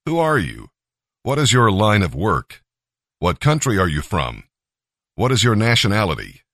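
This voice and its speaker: A man's voice: lowish voice, huge pitch swings, normal speed, a bit bright, dry recording, studio quality, full character voice. A man voicing a crew of frightened, desperate sailors in a scripted scripture reading. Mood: pleading.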